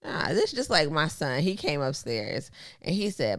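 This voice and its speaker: A woman in her thirties with tells stories and holds her ground. Her pitch leaps around as she talks, and her voice is close and dry. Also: normal speed, no echo. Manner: animated storyteller, firm and sassy. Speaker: podcast co-host. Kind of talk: casual couple banter.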